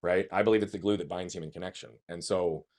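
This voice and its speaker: A man's voice: low-pitched, steady tone, fast, a little mellow. Emphatic man telling his story. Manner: emphatic, swears, rhetorical questions. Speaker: guest. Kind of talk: conversational storytelling.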